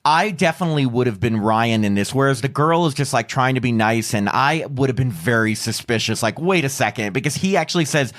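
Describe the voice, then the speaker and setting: A man's voice: mid-range voice, animated, fairly quick, hardly any pauses, fairly bright tone. A man hosting a podcast, chatting casually in a rambling way full of fillers and laughs. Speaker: podcast host. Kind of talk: casual chat.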